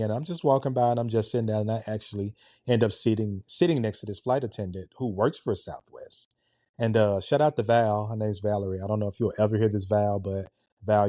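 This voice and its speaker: Man in his forties, relaxed, dark-toned storyteller. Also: fairly low pitch, fairly quick, no echo, studio quality. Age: 40s. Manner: animated, conversational, with a laid-back, relaxed tone. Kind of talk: casual storytelling.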